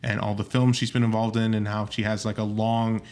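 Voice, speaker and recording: A man's voice: fairly low pitch, level tone, brisk, a little mellow. A man hosting a podcast, earnestly steering the conversation and wrapping up topics. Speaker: podcast host. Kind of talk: casual chat.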